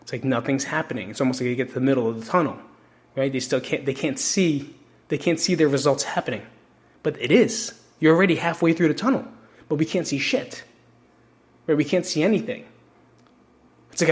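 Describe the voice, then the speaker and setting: A man's voice: a little high, a little fast, long pauses. A man from New Jersey hosting his own podcast, talking openly and emotionally to listeners with plenty of swearing in a casual solo monologue. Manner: candid, emotional and profane, talks straight to listeners. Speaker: podcast host.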